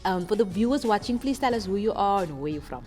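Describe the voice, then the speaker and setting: A woman's voice: medium pitch, expressive, fast, darkish tone, slightly rough, big-room sound, faint music behind. A woman host, interviewing upbeat and encouraging, switching between English and Afrikaans. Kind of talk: casual interview.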